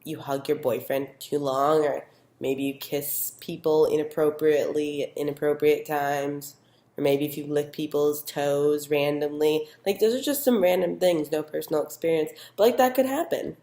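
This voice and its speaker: A gossipy, clingy girlfriend chatters along, dropping "like" at every turn, as a young woman plays her. Her voice is a little low. The room around her echoes. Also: steady tone, normal speed, dark tone. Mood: confiding. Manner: casual, valley-girl "like" fillers. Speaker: interviewee in a mock news segment.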